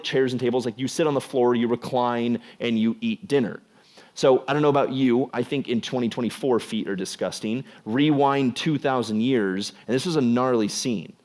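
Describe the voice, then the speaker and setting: A man's voice: medium pitch, normal speed, darkish tone. A young adult man giving a casual youth sermon as a youth pastor, conversational and full of "like" fillers. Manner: conversational, filler-heavy with frequent "like".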